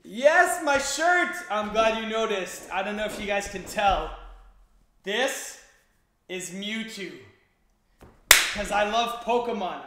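Young Canadian guy streaming, high-pitched voice, rambly casual chat with fillers, echoey room. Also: a bit bright, slight background noise. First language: French. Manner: chatty, rambling, lots of fillers. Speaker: livestream host reading chat.

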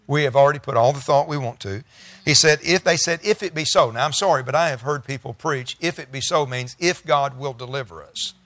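A man's voice: mid-range voice, a little fast, a bit bright, no room sound. A man preaching a sermon as pastor, reading scripture aloud and paraphrasing it conversationally, with bursts of emphasis. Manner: preaching with bursts of emphasis and congregation call-and-response.

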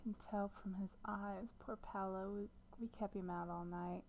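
A woman giving casual commentary over a life-sim game, chatting to her viewers and often dropping into a soft whisper. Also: mid-range voice, steady tone, normal speed, vocal fry, a little hiss or hum. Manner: talks to viewers as "guys". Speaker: gameplay commentator.

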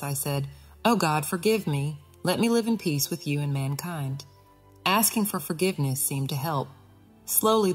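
A woman narrating a Christian allegorical audiobook in the first person, earnest and expressive. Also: deep voice, slightly rough.

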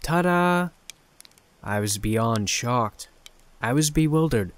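A man narrating a scripted horror story in a calm, measured way. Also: medium pitch.

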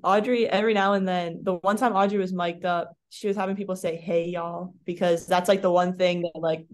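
A woman's voice: lowish voice, steady tone, a little fast. A young woman from the northern United States, a college basketball player, talking in a playful, competitive way over a video call. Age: young adult.

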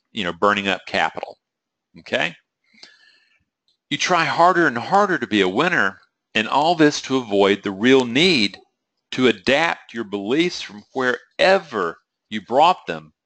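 A man's voice: on the low side, gravelly, pushed and bright, no echo. A man giving a webinar lecture on trading psychology, conversational and questioning the audience, now and then acting out a trader's inner voice.

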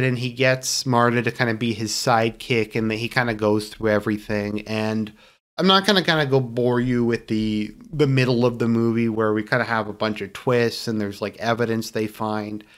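A man's voice: mid-range voice, a bit bright. Rambling sarcastic man reviewing a film. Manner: rambling, halting, many fillers and restarts; sarcastic when mocking views he dislikes. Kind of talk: casual opinionated movie review.

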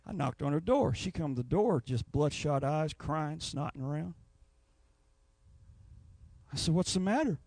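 Animated, folksy male preacher. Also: a little high, unhurried, gravelly, pauses often, no room sound. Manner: animated, folksy storytelling with acted voices. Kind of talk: Pentecostal revival sermon.

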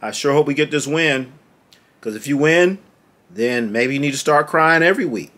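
A man's voice: a little high, lively intonation, moderate pace, a bit bright. A man ranting to the camera as a sports fan, scolding and sarcastic, repeating his points over and over.

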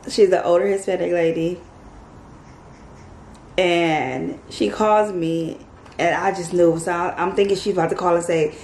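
A woman vlogger telling a story to her viewers in a casual, animated, chatty way. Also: fairly low pitch, measured pace, pauses often. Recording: echoey room, faint background noise.

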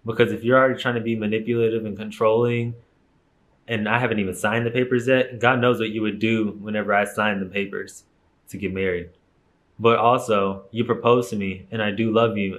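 Give me a young man with a fairly low voice, candidly telling his followers a personal story in a casual vlog. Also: flat delivery, a little fast, a bit bright. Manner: candid, emphatic, swears freely. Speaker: YouTuber.

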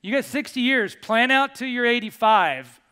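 A male pastor giving a sermon to his congregation in a church, animated and joking as he coaxes them along. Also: very high voice, normal speed, smooth. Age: over 25. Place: church sanctuary.

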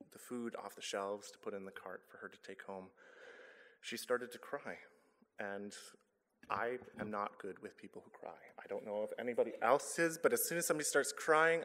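A man's voice: on the low side, a bit bright. Earnest man speaking in a church. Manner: earnest, conversational, some stumbles and self-corrections. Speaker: guest speaker, charity director. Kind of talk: church talk with personal story. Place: church sanctuary. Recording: long reverb of a church hall.

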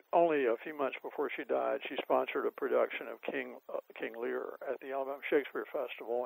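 Gravelly older man telling stories. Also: mid-range voice, darkish tone, rough recording. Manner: rambling, many "uh" fillers, chuckling. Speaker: interview guest, author. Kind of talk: anecdotal storytelling.

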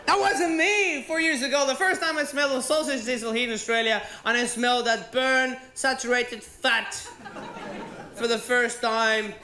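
A man from Venezuela with a Venezuelan Spanish accent, Spanish-speaking by birth, doing animated, profane stand-up comedy on stage. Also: extremely high pitch, normal speed, crowd noise. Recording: roomy theatre with audience laughter.

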